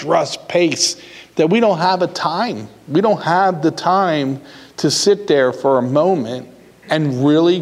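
A man preaching a sermon as pastor, earnest and repetitive, with pauses and restarts. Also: on the high side. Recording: hall reverb.

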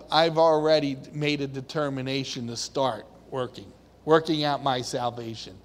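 High-voiced preacher in an echoing hall. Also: male voice. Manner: impassioned, questioning the congregation. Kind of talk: sermon. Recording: long hall reverb.

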